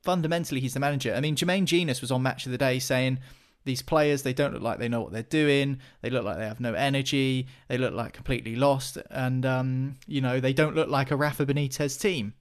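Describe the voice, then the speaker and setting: A man's voice: medium pitch, fairly even intonation, brisk, hardly any pauses, clear, resonant tone. A man talking football as a podcast pundit, chatty, with many restarts and fillers. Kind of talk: casual football chat.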